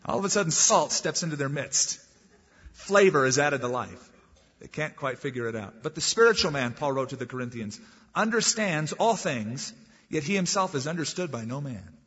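Husky preacher in a reverberant hall. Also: male voice, a little high, animated. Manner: emphatic, swings between loud stresses and drawn-out slow words. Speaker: pastor. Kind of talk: sermon. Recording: dull, lo-fi recording in a reverberant hall.

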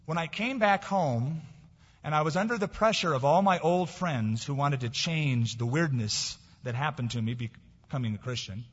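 A middle-aged man preaching a sermon as pastor, emphatic, swinging between raised declarations and quiet asides. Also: a little high, moderate pace, slightly rough. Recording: dull lo-fi recording in a reverberant hall.

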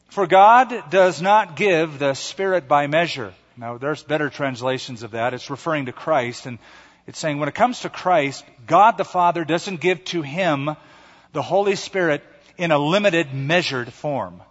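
Emphatic preacher with a higher voice. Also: male voice, fairly bright tone. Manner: emphatic, storytelling, with dramatic pauses. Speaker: pastor. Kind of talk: sermon. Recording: echoey hall, dull lo-fi sound.

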